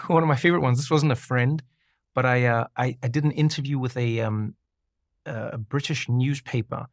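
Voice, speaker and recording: A man talking casually on a podcast, an animated storyteller who acts out the people he quotes. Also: mid-range voice, normal speed, no room sound, clean studio sound. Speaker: podcast guest. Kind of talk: casual conversation.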